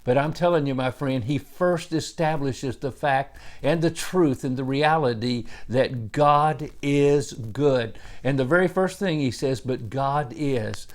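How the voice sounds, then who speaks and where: A man giving a daily Bible devotion as a pastor, with a middle-pitched voice. He talks earnestly and unhurriedly, and leans hard into single words for emphasis. Small "uh" fillers run through his teaching. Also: unhurried, few pauses.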